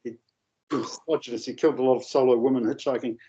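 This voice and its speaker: A man telling a long, rambling anecdote in a casual, animated way, with coarse language. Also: medium pitch, very fast. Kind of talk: casual storytelling. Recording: dull lo-fi audio.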